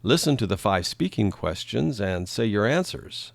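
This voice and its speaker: A man reading English lesson questions aloud slowly and clearly for learners. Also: lowish voice, big pitch swings, dry recording.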